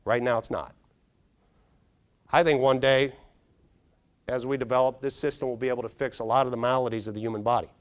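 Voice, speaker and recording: A middle-aged man, a neuropsychologist, giving an animated conference keynote, quizzing the audience and acting out little scenes. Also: mid-range voice, brisk, pauses often. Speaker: neuropsychologist speaker. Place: large conference hall.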